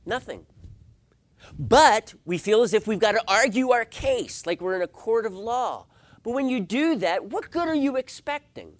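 A middle-aged male pastor delivering a sermon in a somewhat high voice. He swings between quiet, hushed asides and loud, emphatic points, pressing his listeners with rhetorical questions. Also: expressive, normal speed.

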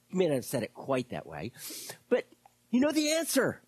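A pastor preaching a sermon to a congregation, animated and repeating words, dropping to a hush at times. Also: medium pitch, normal speed, slightly rough, no room sound.

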